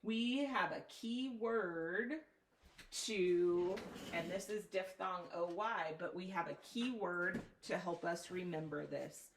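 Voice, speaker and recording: Female tutor, unhurried clear phonics drilling, recorded from across a roomy space. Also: lowish voice. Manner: patient, clear instructional prompting. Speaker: reading teacher. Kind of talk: one-on-one phonics lesson. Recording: roomy, distant mic with faint noise.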